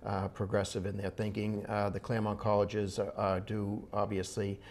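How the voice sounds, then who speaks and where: A middle-aged man with a New England accent, a city council member answering questions in a local TV interview, pausing often with "uh" between phrases. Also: on the low side, completely flat delivery, a little mellow, slight background noise. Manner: hesitant, many "uh" fillers.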